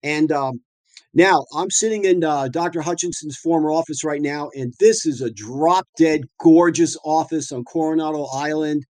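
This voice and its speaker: A middle-aged man from the northeastern US talks as a dentist guest, telling stories in a loose, colloquial way full of fillers and restarts. His voice sits a little high for a man and sounds close and dry, with no room echo. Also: normal speed. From northeastern United States. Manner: lively storyteller, colloquial, frequent fillers and restarts. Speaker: dentist and practice owner guest. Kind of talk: anecdotal storytelling talk.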